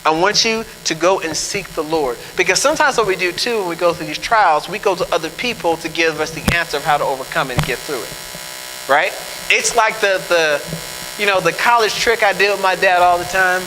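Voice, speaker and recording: A male pastor preaching a sermon in a joking, animated way, often asking his listeners "right?". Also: high voice, fairly quick. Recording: long hall reverb, faint background noise.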